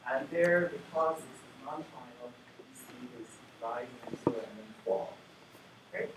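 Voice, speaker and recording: Male lecturer, plenary talk, filler-heavy delivery, mid pitch, picked up far off in a reverberant room. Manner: measured, many fillers and restarts. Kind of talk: academic conference lecture. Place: lecture hall. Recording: echoey hall from far off with noise.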